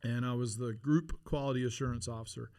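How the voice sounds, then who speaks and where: A middle-aged man telling stories in a casual interview, animated and laughing, with many restarts. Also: mid-range voice, fast, no echo, studio quality. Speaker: podcast guest, former Navy SEAL.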